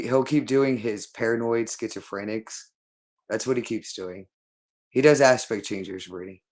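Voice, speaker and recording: A man speaking a rambling monologue, repeating himself insistently and addressing the listener directly. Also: mid-range voice.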